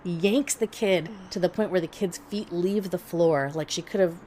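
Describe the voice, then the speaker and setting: A woman on a podcast telling a story in casual chat, blunt and profane, animated and laughing as she talks. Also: lowish voice, moderate pace, slight background noise. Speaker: podcast co-host.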